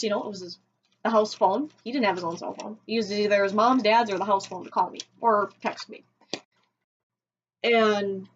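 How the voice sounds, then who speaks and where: A woman telling a personal story on a vlog, emotional and halting, often restarting her sentences. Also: a little high. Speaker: vlogger. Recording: dull lo-fi home recording.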